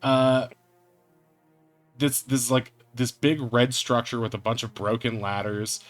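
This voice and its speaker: A man's voice: mid-range voice, steady tone, unhurried. A man narrating as game master of a tabletop game, chatty and laughing as he goes, with music behind him.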